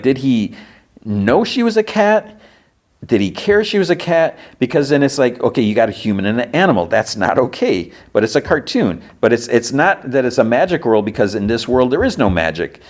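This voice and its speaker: A low-voiced man chats through a cartoon's plot in a loose, rambling podcast recap. He fills every sentence with casual fillers and tosses off the characters' lines in quick asides. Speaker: podcast host.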